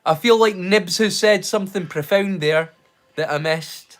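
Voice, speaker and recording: A Scottish man hosts a live watch-along stream, chatting casually in a rambling, sweary, self-mocking way. His voice sits high, and he speaks at a measured pace.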